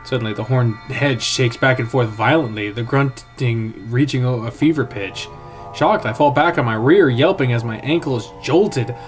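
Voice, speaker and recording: A man reading a visual novel aloud in first person, with a hushed, tense, dramatic delivery. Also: medium pitch, normal speed, soft background music. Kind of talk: first-person story narration.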